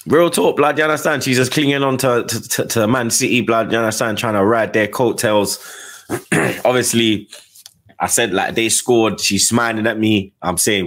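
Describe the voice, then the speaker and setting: A middle-aged man with a London accent, hosting a casual chat and telling animated stories full of slang. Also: on the low side, moderate pace. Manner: animated storytelling with slang tags. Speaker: host.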